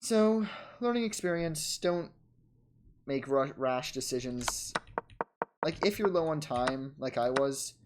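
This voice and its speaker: A man in a casual chess vlog, narrating his own game in quick bursts and scolding himself for his mistakes. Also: a little high, lively intonation, noisy background. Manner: frustrated, self-critical, talks in quick bursts and trails off. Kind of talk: casual self-commentary over a chess game.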